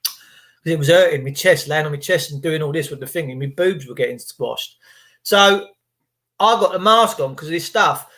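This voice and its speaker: A man's voice: sits high, a bit bright. A man, talking to camera in a rambling monologue full of jokey asides. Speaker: vlogger.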